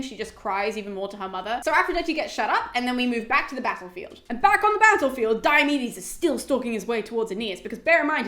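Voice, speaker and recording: A woman giving a chatty, casual book summary, full of "like" and quick laughs, recorded in an echoey room. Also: on the high side, a bit bright. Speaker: host.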